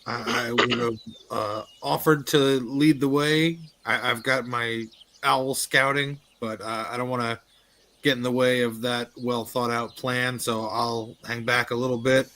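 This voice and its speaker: A man's voice: medium pitch, steady tone, measured pace, sharp tone. A man playing a tabletop game, speaking hesitantly with stammering restarts. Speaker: player. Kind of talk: in-character tabletop play.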